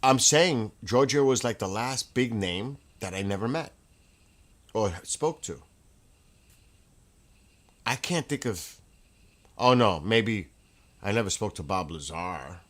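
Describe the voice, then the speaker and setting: Man host, somewhat low voice, excitable rambling storyteller, chatting from home. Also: slow pace, long pauses. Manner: excitable, with laughs and restarts. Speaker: livestream host. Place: home room with a fireplace.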